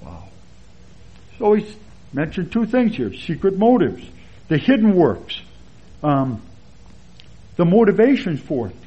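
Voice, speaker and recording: Husky man teaching a relaxed sermon. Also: sits high, slow pace, pauses often. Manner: relaxed, chatty, with anecdotes and chuckles. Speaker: Bible teacher. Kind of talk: conversational expository sermon. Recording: dull lo-fi sermon recording.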